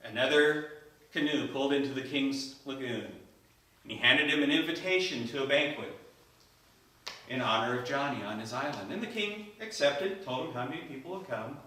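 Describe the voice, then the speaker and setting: A man giving a told story speech at a speaking club, animated, acting out characters, recorded in an echoey room from far off. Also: mid-range voice, moderate pace. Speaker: Toastmasters speaker.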